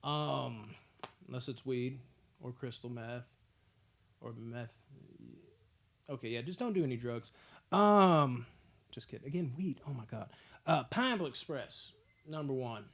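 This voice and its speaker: A young man hosting a movie podcast, ranking films in a casual, profane, excitable way. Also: mid-range voice, unhurried, creaky, long pauses. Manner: profane, excitable storytelling with frequent laughs.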